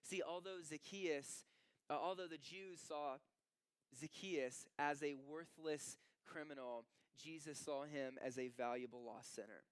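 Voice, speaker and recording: Animated male pastor, smooth dry voice. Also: a little high, measured pace, no echo. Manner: animated, conversational preaching with asides. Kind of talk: sermon. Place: church sanctuary.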